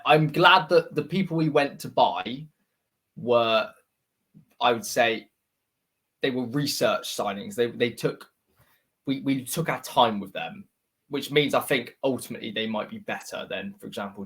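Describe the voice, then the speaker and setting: This is a man in his twenties with a West Country English accent, co-hosting a football podcast in a casual, filler-heavy chat. His mid-range voice sounds a bit bright and slightly rough.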